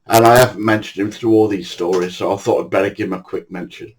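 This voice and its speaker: A man's voice: lowish voice, steady tone, quick pace, poor audio. An older man, casually telling anecdotes in a blunt way, swearing freely. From England. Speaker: storyteller.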